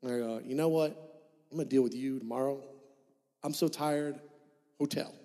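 A man preaching a sermon, telling a personal story in an animated, conversational way and acting out the dialogue. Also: medium pitch, a little fast. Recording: hall with long reverb.

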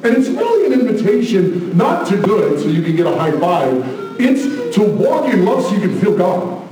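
Impassioned preacher in an echoey hall. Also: male voice, high-pitched, huge pitch swings, moderate pace. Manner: impassioned, swings between hushed asides and loud exclamations. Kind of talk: sermon. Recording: very echoey room, mic at a distance.

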